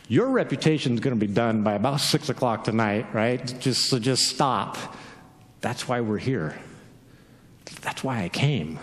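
A man preaching and voicing Jesus as a gentle, earnest speaker in a low, hushed tone. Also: big-room sound, close to an everyday voice. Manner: slow, hushed, tender delivery. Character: gentle loving male Jesus, calm and earnest.

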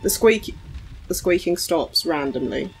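A woman's voice: lowish voice, unhurried, slight background noise. A young woman playing a horror game, nervous but acting mock-brave and swearing. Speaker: let's play co-host. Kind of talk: casual gaming chat.

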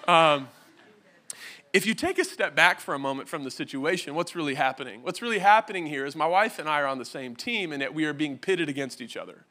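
Male pastor, 30s, Californian American accent, slightly higher voice with a bright edge, conversational preacher who jokes with the congregation. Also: lively intonation, a little fast. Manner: joking, conversational, asks the crowd questions. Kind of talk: humorous sermon. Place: church stage.

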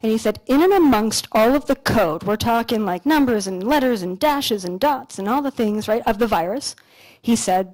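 A young woman from Canada giving a motivational talk on a conference stage, telling stories in a casual, animated way with some swearing. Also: a little high, normal speed, rough recording. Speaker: conference speaker. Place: lecture stage at an expo.

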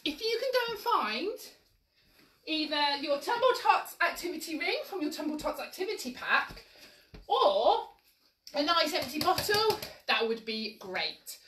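A woman's voice: sits high, bright, forceful tone, slight background noise. A woman leading a live-streamed movement class for toddlers, giving cheery, encouraging sing-song instructions to the children and their grown-ups. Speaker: children's exercise class leader. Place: room at home. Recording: echoey room, mic at a distance.

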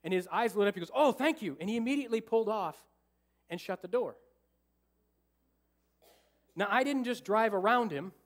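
A man with a bright, high-pitched voice delivers a sermon as pastor. He tells a story with lively energy, acting out what went through his head and joking with the congregation. He is preaching in a church sanctuary. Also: moderate pace, pauses often. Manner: animated, acts out his own thoughts and jokes with the congregation.

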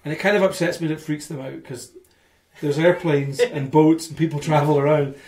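Chatty Canadian man, slightly high voice. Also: fairly quick. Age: 40s. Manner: animated, chatty storyteller. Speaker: podcast guest. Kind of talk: casual chat.

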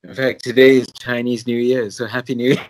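A man's voice: medium pitch, level tone, brisk, no echo. A man from Singapore with a somewhat posh British accent, a priest telling his story in an interview with self-deprecating chuckles. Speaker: priest, pilgrimage chaplain.

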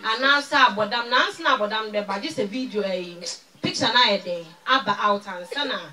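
A woman with a Ghanaian accent giving a spoken testimony at a church service, mixing Twi and English and swinging from loud to very soft. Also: medium pitch, moderate pace, distant mic.

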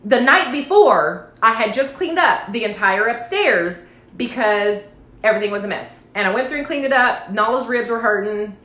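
A woman tells a rambling story to her livestream viewers, peppering it with asides. Her voice sits somewhat high, and the room around her is echoey. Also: moderate pace. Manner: chatty, addresses viewers as y'all, animated asides. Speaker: network marketing livestream host. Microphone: phone or webcam livestream.

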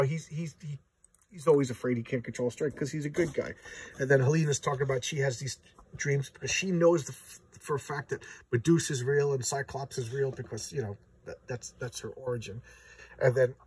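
A man with a very husky, breathy voice rambles through a casual comic book review, restarting his sentences as he goes. His voice sounds a little distant from the mic. His pitch sits at an ordinary middle level. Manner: rambling and animated, with many restarts and acted-out quotes.

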